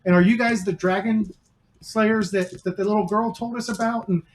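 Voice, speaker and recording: A man with a high voice narrates a tabletop game as game master, telling the scene like a story and restarting phrases here and there. The stream audio carries a clear layer of noise. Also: fairly even intonation, moderate pace. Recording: noisy home stream audio.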